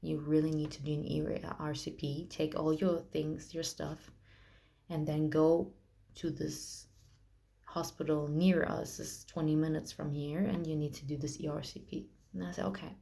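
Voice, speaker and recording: A young woman telling her own hospital story in a personal vlog, emotional and halting, with many restarts. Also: low voice, level tone, vocal fry, mellow.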